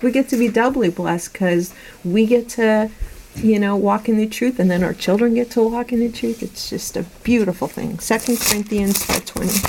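A middle-aged woman preaching to a group in a meeting room, earnest and conversational, with lively anecdotes. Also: mid-range voice, moderate pace, noisy background. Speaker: Bible teacher. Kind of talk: sermon to a women's group.

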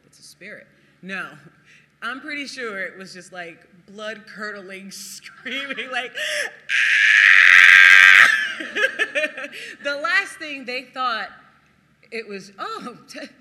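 Animated preacher with a sharp, bright voice. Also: medium pitch, big-room sound, slight background noise. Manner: animated, laughs often, acts out quotes. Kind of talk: sermon with Bible reading.

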